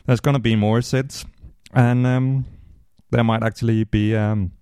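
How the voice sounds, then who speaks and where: A man's voice: medium pitch, steady tone, unhurried, mellow, smooth, no room sound. A man hosting a casual podcast, reading listener mail and answering with rambling asides and dry humor. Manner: rambling, many ums and restarts, dry humor. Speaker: podcast host.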